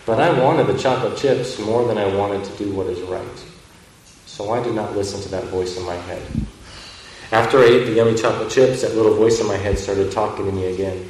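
A man's voice: fairly low pitch, darkish tone, slight background noise. A man teaching and reading a children's book aloud, speaking in a friendly, plain way. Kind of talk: read-aloud storytelling. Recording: echoey room from a distant mic.

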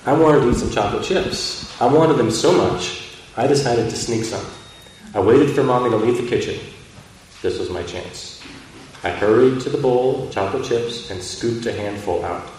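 A man's voice: medium pitch, normal speed, a little mellow, a little hiss or hum. A man teaching and reading a children's book aloud, speaking in a friendly, plain way. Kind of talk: read-aloud storytelling. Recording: echoey room from a distant mic.

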